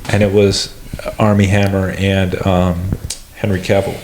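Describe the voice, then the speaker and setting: A young man chats loosely on a comedy podcast, slightly low in pitch, with hesitant, filler-heavy rambling. His voice rings in an echoey room over a faint hiss. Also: little pitch movement, a little slow. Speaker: podcast co-host. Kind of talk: casual comedy podcast chat.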